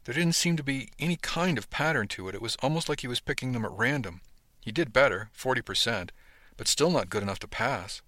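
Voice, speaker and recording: A man giving scripted first-person narration of a novel in a steady storytelling manner. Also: medium pitch, a little fast, dry recording. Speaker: audiobook narrator.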